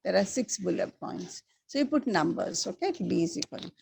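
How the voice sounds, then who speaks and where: A woman teaching a school class, slowly repeating the key words for her students. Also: mid-range voice, animated, vocal fry, darkish tone, breathy edge, no room sound. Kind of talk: classroom lesson.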